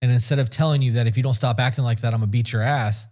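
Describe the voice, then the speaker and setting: Blunt, swearing man with a mellow voice. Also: mid-range voice, steady tone, very fast. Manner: blunt, heavy swearing, rambling. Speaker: podcast co-host. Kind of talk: casual podcast chat.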